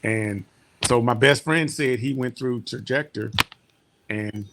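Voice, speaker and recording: A man's voice: medium pitch, slow, creaky, background noise. Heartfelt man telling his story. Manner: rambling and heartfelt, trailing off quietly. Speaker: military veteran giving a client testimonial. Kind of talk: personal testimonial storytelling.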